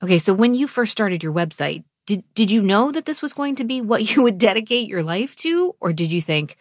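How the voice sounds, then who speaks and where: A woman's voice: mid-range voice, sing-song, brisk, few pauses, dry recording, studio quality. A woman radio host asking interview questions and reading show links.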